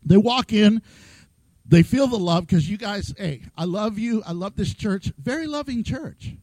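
A man's voice: high voice, lively intonation, unhurried, darkish tone, dry recording, low-quality recording. A man preaching a sermon in a playful way, acting out voices and laughing often. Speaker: pastor.

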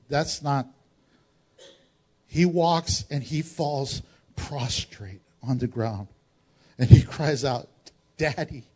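A man with a fairly high voice preaches a sermon. He shifts between raised exclamations and hushed, low passages. He keeps putting rhetorical questions to his congregation. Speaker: pastor.

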